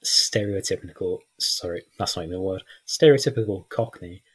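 Man, guest on a chat podcast, very low husky voice, chatty, laughs a lot. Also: brisk. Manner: chatty, laughs often, acts out lines from films. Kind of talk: casual film chat.

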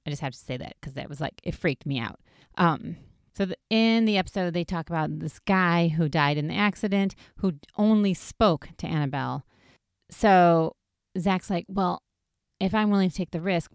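A woman's voice: low voice, a little mellow, dry recording, clean studio sound. A woman casually recapping a TV episode in a chatty way, with lots of fillers. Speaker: podcast host recapping a TV episode. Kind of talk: casual chat.

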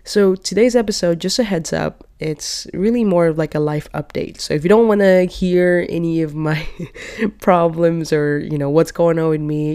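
Chatty young woman, smooth clear voice. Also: low voice, warm tone. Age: 20s. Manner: rambling and chatty, frequent "like" and "you know". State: still a little sick. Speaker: podcast host. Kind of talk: casual solo podcast chat. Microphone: podcast microphone.

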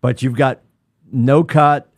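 A middle-aged man co-hosting a podcast in casual chat, rambling and animated with lots of restarts. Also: mid-range voice, slow pace, husky, no room sound, studio quality. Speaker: podcast co-host.

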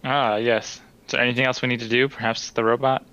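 Bright-voiced man on a dull mic. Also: mid-range voice, level tone, fast talker. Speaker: player. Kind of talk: casual game chat.

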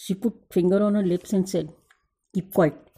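A woman's voice: mid-range voice, fairly even intonation, quick pace, warm tone, rough recording. A woman telling a funny story from her school days, in a chatty, dramatic, self-mocking way. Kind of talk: casual spoken storytelling.

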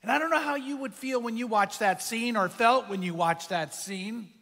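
A man's voice: moderate pace, a bit bright, long reverb tail. A man preaching a sermon as pastor, his voice swinging up and down for emphasis. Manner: impassioned preaching, pitch and volume swinging for emphasis.

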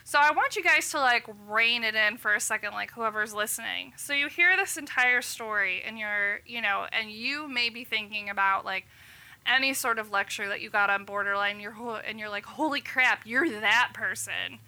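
On a casual podcast, a woman doctor in her thirties recounts a story, voicing the quotes as she chats. Her tone is sharp and on the high side, with a moderate pace.

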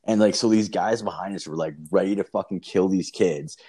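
A man's voice: deep voice, a little fast, mellow, breathy edge. A young man from Canada telling a rambling, profanity-filled story in casual chat, full of fillers.

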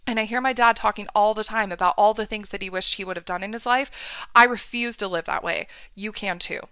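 A woman's voice: medium pitch, fairly even intonation, fairly quick, sharp tone, smooth, no echo, studio quality. A woman coach giving an emphatic motivational talk, often checking in with "right?" and "okay". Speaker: mindset and business coach for women.

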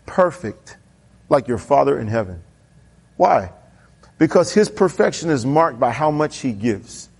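A man preaching a sermon as pastor, telling a Bible story with animated character voices and questioning the congregation. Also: husky. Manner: animated storytelling, voicing characters with pitch jumps.

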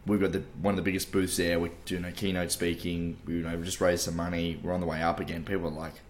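Aussie bloke, low voice, casual and sweary, lots of "like" and "mate". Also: male voice, little pitch movement, fast talker, slight background noise. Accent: Australian. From Australia. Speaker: podcast co-host. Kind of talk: casual chat.

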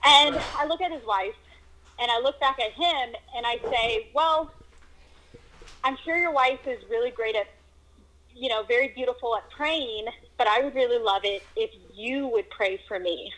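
A woman telling a personal story in a casual conversation, animated and acting out moments with exclamations. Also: fairly high pitch, normal speed, slight background noise, rough recording. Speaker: guest telling her story.

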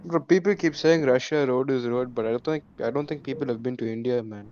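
A man's voice: mid-range voice, fast, darkish tone, slight background noise. A young man co-hosting a casual podcast, joking around, echoing his friends' lines and hyping the viewers. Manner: joking, repeats others, hypes the audience. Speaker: podcast co-host. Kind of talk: casual chat. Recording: dry, slightly dull sound.

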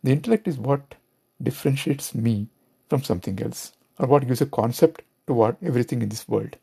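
A man's voice: mid-range voice, a little fast, creaky, dark tone, husky. A man with an Indian English accent giving a reflective spiritual talk, asking rhetorical questions as he goes. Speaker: spiritual teacher.

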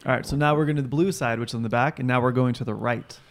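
Man, mid-range voice, playful teasing, casual game-night talk. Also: medium pitch. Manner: teasing, quick banter. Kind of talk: casual chat playing a question card game.

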